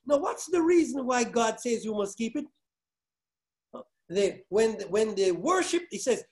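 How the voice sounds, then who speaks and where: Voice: medium pitch, animated. A pastor giving a sermon, hammering key words over and over and firing questions at the congregation. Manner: halting restarts, then building force.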